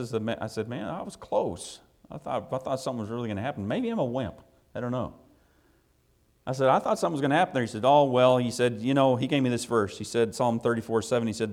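A man preaching a sermon to his congregation, telling a personal story in a folksy, conversational way, with emphatic loud declarations and quiet, low asides.

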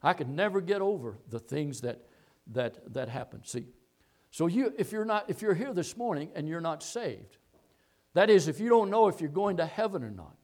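A male preacher delivers a sermon with a high, animated voice. He sinks into hushed, low asides, then climbs to loud, fervent declarations. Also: normal speed. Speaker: pastor.

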